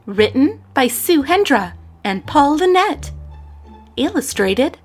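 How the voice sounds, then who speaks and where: A woman reading a rhyming children's picture book aloud in a lively, sing-song way. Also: high-pitched, slow pace, faint music behind. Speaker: storyteller.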